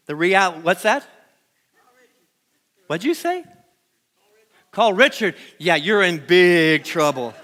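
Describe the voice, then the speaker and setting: A man preaching a sermon in a church sanctuary, his voice pitched high and bright. He is animated and draws the congregation in, asking them to say lines back to him. The sound comes through a stage microphone. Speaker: pastor.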